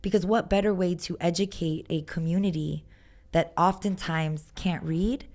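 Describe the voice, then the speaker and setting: A woman tells her stories in a lively, casual way, peppering them with "like" and playing out quoted voices. Her voice sits a little low for a woman. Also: normal speed. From Texas. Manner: animated storyteller, lots of "like", acts out quotes. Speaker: guest musician. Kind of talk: casual chat.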